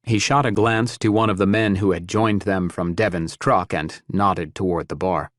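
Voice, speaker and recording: A man narrating a post-apocalyptic audiobook in a steady, measured, grim way. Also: sits low, no echo, studio quality. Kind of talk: scripted narration.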